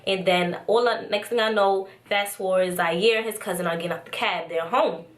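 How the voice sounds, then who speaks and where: A young adult woman vlogger telling a casual story-time tale, chatty and animated, with lots of "like" and "so". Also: mid-range voice, normal speed. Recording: roomy echo.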